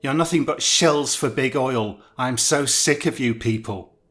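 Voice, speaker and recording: A man voicing an angry, unhinged male inventor who shouts and rants. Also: mid-range voice, unhurried, natural voice. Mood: furious. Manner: shouting, ranting.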